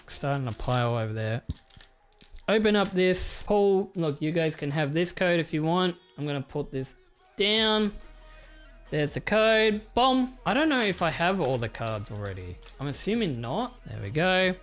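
A man giving casual, crude commentary while opening trading card packs, excitable and swearing often. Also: on the high side, measured pace, soft background music. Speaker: YouTuber.

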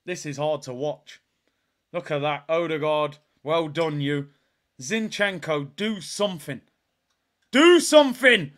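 A young man hosting a live football watch-along, reacting with frustration and shouting at the players. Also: on the high side, measured pace. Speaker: fan watch-along host.

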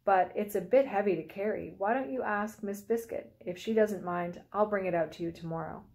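A woman's voice: mid-range voice, moderate pace, a little mellow, lightly acted. A woman voicing a kindly male shopkeeper.

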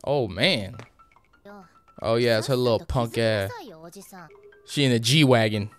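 Excitable man reacting, slangy and joking. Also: mid-range voice, slow pace, soft background music. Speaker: anime reaction streamer. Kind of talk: casual reaction commentary.

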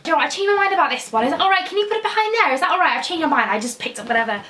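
A woman's voice: high-pitched, expressive, racing, pushed and bright, far from the mic, voice pushed up. A woman playing an indecisive female shopper at a till, rambling and second-guessing herself. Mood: dithering. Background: background music.

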